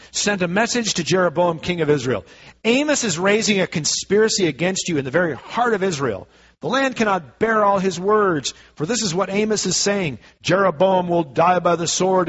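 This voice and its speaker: A man's voice: fairly high pitch, lo-fi sound. A man preaching a sermon, reading scripture aloud and then explaining it in casual everyday words. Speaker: pastor.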